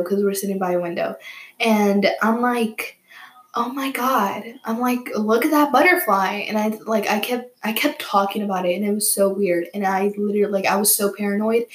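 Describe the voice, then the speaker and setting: Young woman hosting a casual podcast, mid-pitched, tells rambling stories and cusses freely, recorded in a roomy space. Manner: rambling, animated, swears freely. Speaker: podcast host. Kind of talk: casual storytelling.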